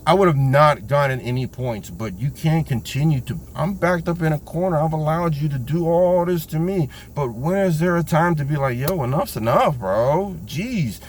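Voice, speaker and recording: A man casually telling a personal story, animated and slangy, acting out the voices of the people in it. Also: on the high side, normal speed, hardly any pauses, slight background noise.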